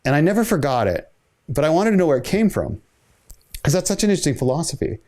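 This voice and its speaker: A man's voice: a little high, very animated, fast talker, a little mellow. A man giving a motivational keynote talk, telling a story conversationally and voicing the dialogue of the people in it. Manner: conversational, builds stories with quoted dialogue. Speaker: keynote speaker.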